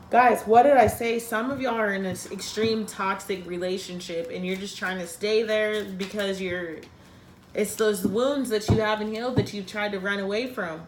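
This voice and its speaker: A woman's voice: mid-range voice, fairly even intonation, normal speed, reverberant, a little hiss or hum. A woman giving a casual tarot reading, talking bluntly and frankly, swearing freely. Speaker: tarot reader.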